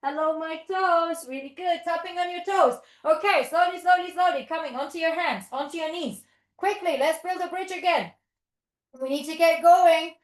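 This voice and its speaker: A woman's voice: very high voice, moderate pace. A woman teaching a playful toddler yoga class, giving encouraging step-by-step cues, with sing-song lines and barking animal noises. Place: yoga studio or hall. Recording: echoey room.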